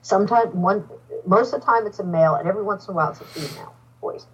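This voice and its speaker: Guesting on a podcast, a woman who works as a psychic medium animatedly recounts a personal story and performs the dialogue of its characters. She speaks at a racing pace in a husky, medium-pitched voice, captured through a distant mic with poor audio.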